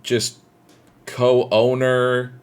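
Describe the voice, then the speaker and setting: A man's voice: medium pitch, completely flat delivery, very slow, smooth. A man in casual podcast chat, retelling a game plot in a rambling way with restarts and fillers. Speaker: podcast co-host.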